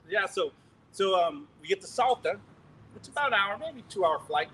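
A middle-aged male preacher telling a story in a sermon, animated and laughing, acting out scenes loudly. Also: high voice, normal speed, rough recording.

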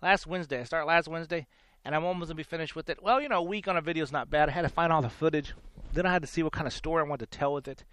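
A man's voice: a little high, very fast, a bit bright. A man in his forties hosting a faith talk show, telling a story in a rambling, repeating way and laughing between lines. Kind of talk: casual storytelling monologue.

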